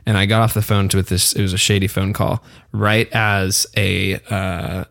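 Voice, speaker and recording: Man slowly narrating a tabletop scene. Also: deep voice, level tone, gravelly, fairly bright tone, no echo, studio quality. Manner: hesitant, drawn-out narration with fillers. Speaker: podcast co-host, game player.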